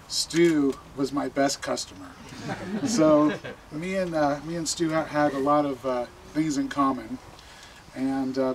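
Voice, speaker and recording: Man, eulogy speaker; chatty, filler-heavy delivery, mid pitch, faint room noise. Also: rough recording. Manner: chatty, rambling with many fillers. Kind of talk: informal funeral eulogy.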